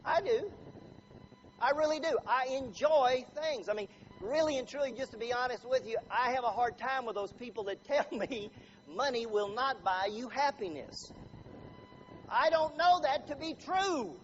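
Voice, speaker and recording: A man's voice: extremely high pitch, moderate pace, faint music behind. A man giving a humorous talk as a motivational speaker, chatty and quizzing the room with show-of-hands questions. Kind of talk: humorous live talk to an audience. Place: room with a live audience. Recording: dull lo-fi recording with faint noise.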